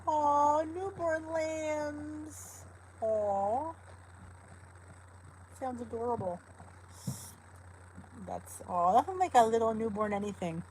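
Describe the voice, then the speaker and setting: A woman's voice: on the high side, expressive, takes it slowly, long pauses, darkish tone, a little hiss or hum, poor audio. A middle-aged woman hosting a casual live stream chat from home, greeting her viewers by name in a chatty, cooing way. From New Jersey. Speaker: host of a live weight loss chat.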